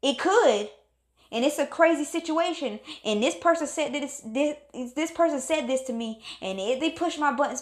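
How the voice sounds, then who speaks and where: A woman's voice: sits high, animated, normal speed. A woman giving a motivational pep talk, emphatic and preachy, repeating phrases for stress. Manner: calls on God in exclamations. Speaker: motivational speaker.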